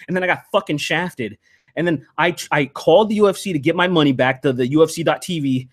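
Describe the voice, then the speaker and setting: A man hosting a casual podcast chat, telling stories in an animated, profanity-laced rant. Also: a little high, quick pace. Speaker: podcast host.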